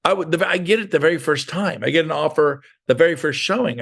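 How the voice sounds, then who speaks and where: Middle-aged man, real estate coach, gravelly, a bit high-pitched, animated sales talk, acts out calls. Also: fast, few pauses. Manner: animated, plays both sides of dialogues. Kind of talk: energetic sales talk with acted-out phone calls.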